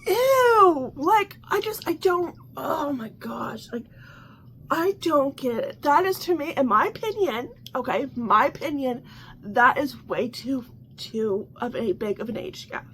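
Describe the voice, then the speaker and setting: A Canadian woman hosts a casual coffee-chat vlog, her high, bright voice carrying lively intonation and a forceful edge at a measured pace. She sounds chatty and exasperated, restarting often and laughing frequently, with slight background noise.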